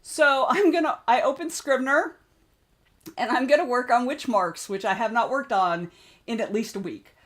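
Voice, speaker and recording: A woman's voice: fairly high pitch, normal speed. Southern woman streamer, chatty and rambling, greets chat by name, desk-mic sound. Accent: Southern US (Georgia). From United States. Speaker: streamer and author. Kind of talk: casual livestream chat.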